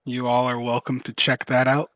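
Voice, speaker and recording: A man's voice: medium pitch, little pitch movement, normal speed, a bit bright, dry recording. Casual man running a tabletop game. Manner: casual, swears freely, laughs easily. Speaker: game master.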